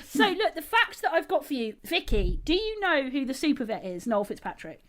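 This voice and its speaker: High, lively woman co-hosting. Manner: lively, sweary, quick to laugh. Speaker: podcast co-host. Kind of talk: casual podcast chat.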